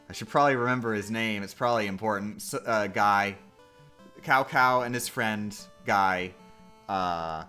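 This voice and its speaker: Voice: medium pitch, bright, forceful tone, clean tone. A streamer telling a silly story in a meandering way, with lots of restarts and laughing along. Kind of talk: rambling comic storytelling.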